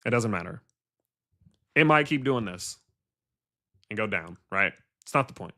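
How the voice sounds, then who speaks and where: A man's voice: fairly low pitch, lively intonation, unhurried, bright, forceful tone. A man hosting a casual livestream about crypto investing, ranting bluntly and swearing, with rhetorical questions to his viewers.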